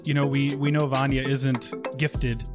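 A man's voice: medium pitch, level tone, measured pace. Rambling man on a podcast, music behind. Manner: rambling, hesitant with fillers. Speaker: podcast co-host. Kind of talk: casual chat.

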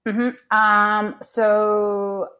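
A woman's voice: medium pitch, flat delivery, drawn-out words, bright, forceful tone, smooth. A woman from London with an accent mixing British, Northern English and Australian sounds, chatting casually as a podcast guest and laughing often. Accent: mixed British, Northern English and Australian. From England (London). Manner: chatty, laughs often, acts out quoted voices. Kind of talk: casual interview chat.

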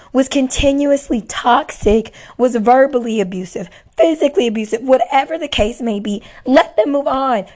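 A woman with a hoarse, worn voice, giving casual faith-based encouragement to viewers and repeating her key lines for emphasis. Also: high-pitched. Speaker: faith-based motivational speaker.

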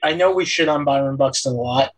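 A man's voice: medium pitch, fairly quick, poor audio. A young man hosting a casual sports podcast, teasing and sarcastic with his co-hosts. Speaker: podcast host.

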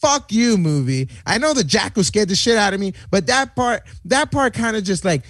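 A man with a high, very lively voice tells stories excitably, swearing as he goes and breaking into laughter. The sound is dry and close. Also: fairly quick, breathy edge, no echo. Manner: excitable, profane, laughing storyteller. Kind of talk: casual chat.

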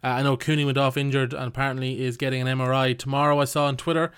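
A man hosting a casual sports podcast, relaxed and jokey as he leads the discussion. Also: mid-range voice, racing, smooth. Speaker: podcast host.

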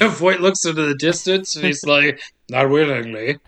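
A man's voice: a little high, steady tone, sharp tone. A man co-hosting a podcast, recapping a movie in a joking casual way and laughing often. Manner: joking, laughs often, mimics characters in quick asides.

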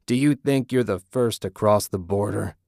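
A man reading an audiobook, voicing a gruff, taunting male gang leader. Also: on the low side, normal speed, darkish tone, no room sound, studio quality.

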